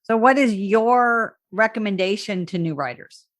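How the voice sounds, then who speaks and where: A woman's voice: medium pitch, a little slow. A woman hosting a casual podcast interview, asking friendly, curious questions. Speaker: podcast host.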